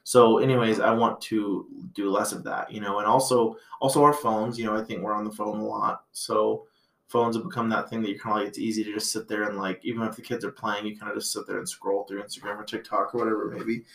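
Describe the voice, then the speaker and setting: A man with a fairly low voice hosts a laid-back podcast, thinking out loud in long reflective stretches. He fills his talk with "um" and "you know". The recording has a roomy echo around him. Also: flat delivery, fast, gravelly. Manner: rambling, reflective, many fillers. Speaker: podcast host. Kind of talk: casual podcast chat.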